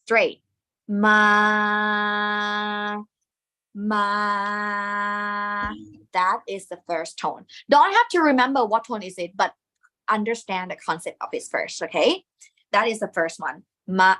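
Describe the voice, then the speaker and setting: A woman's voice: mid-range voice, sing-song, normal speed, sharp tone. A woman with a Thai accent teaching a lesson, patiently demonstrating the sounds aloud. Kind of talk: classroom lesson.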